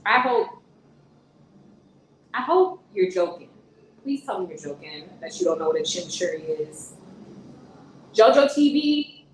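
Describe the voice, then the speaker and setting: A woman streaming from her phone on a gimbal, reading chat and firing back with lively emphasis. She sits a bit away from the mic in an echoey room. Steady noise hums behind her. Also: deep voice, moderate pace, pauses often, distant mic. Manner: animated, emphatic, talks back to commenters. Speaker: vlogger answering live chat. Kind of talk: casual live-stream chat. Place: indoor room on vacation.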